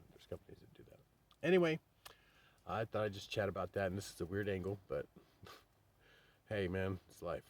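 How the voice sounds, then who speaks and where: A man's voice: low voice, slightly rough. A man telling rambling, profanity-laced stories in a casual vlog, calling his listeners babe. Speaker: vlogger. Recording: distant mic with faint background noise.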